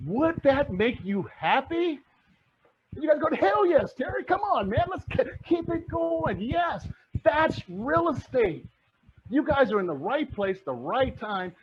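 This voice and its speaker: A man's voice: sits high, slight background noise. A middle-aged man giving a motivational presentation to a club, full of energy and firing rhetorical questions at the audience. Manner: acts out the audience's replies. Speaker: real estate investor and presenter. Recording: dull lo-fi recording.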